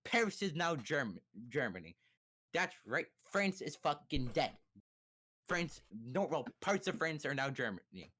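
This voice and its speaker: Streaming live from his home setup, a young man gives a crude, sarcastic and rambling rundown of history, restarting often. His voice is fairly high and sharp, very animated, at a measured pace. The talk is a profane, comedic take on history.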